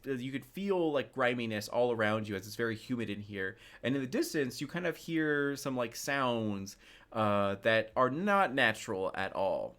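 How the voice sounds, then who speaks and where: Male game master, mid-pitch, rambling scene narration with lots of fillers. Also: fairly bright tone. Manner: loose, filler-heavy description.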